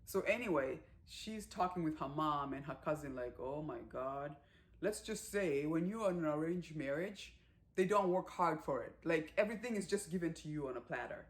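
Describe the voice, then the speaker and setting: A woman giving a casual movie recap, chatty and animated, with lots of fillers and acted-out quotes. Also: deep voice, moderate pace. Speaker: movie reviewer.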